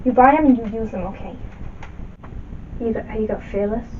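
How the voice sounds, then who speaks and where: Casting: a woman playing a cagey young street dealer, put-on New York accent, high voice, muffled far-off camcorder sound with hiss. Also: normal speed, close to an everyday voice. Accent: put-on vague New York. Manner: pushy, repeats "okay?" to close deals.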